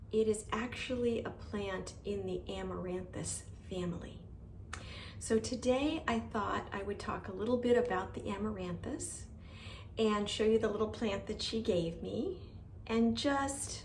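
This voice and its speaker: A woman's voice: mid-range voice, reverberant, a little hiss or hum. A woman chatting casually as she walks outdoors with a stroller, telling a gardening story with plenty of fillers. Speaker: gardening vlogger. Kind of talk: casual chat.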